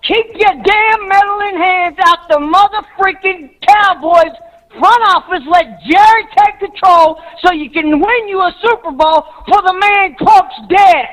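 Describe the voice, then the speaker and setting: A female caller on a sports talk show, ranting hard. Her voice is high, and she keeps raising it to a shout, repeating herself to hammer each point home. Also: unhurried, low-quality recording. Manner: fired-up, shouting, repeats for emphasis. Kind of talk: heated call-in rant.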